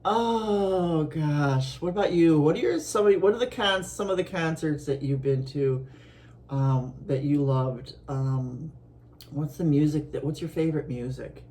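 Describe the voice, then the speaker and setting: A middle-aged woman from Buffalo, New York, chatting casually to her viewers as an art vlogger, rambling along with soft laughs and restarts. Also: low voice, steady tone, normal speed, slight background noise. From Buffalo, New York, USA.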